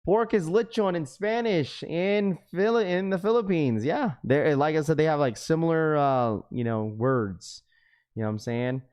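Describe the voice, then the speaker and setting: A young man runs a live stream, chatting in a loose, rambling way and calling his viewers "bro." His voice is a little high, expressive and smooth with a darkish tone, delivered at a measured pace.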